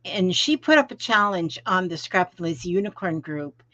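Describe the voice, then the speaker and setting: A woman's voice: on the low side, lively intonation, normal speed, pushed and bright, dry recording. A middle-aged woman from Florida, rambling in folksy, casual chat as she hosts a crafting live stream from home and greets viewers by name. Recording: dull lo-fi stream audio, dry.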